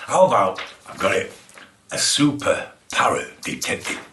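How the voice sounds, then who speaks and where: In an echoey room with slight background noise, a man with a medium-pitched, pushed, bright voice speaks a little slowly but with great animation. He's a children's poet running a playful poetry lesson, laughing and exclaiming as he hands out tips.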